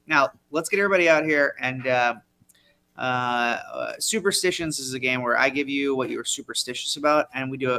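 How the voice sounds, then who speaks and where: A man's voice: on the high side, bright, forceful tone, a little hiss or hum. A man hosting a live improv comedy show, rambling with hesitant fillers and dry remarks. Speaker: host.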